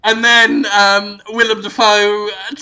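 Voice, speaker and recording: A man's voice: high-pitched, flat delivery, takes it slowly, bright, forceful tone, smooth. A male podcast host telling a rambling, absurd improvised story with frequent giggles.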